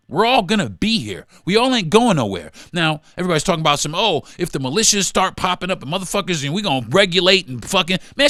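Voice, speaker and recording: A man hosting a podcast, delivering a heated, profane rant that swings between loud outbursts and low muttering. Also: dry recording, studio quality. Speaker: podcast host. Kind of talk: profane ranting monologue.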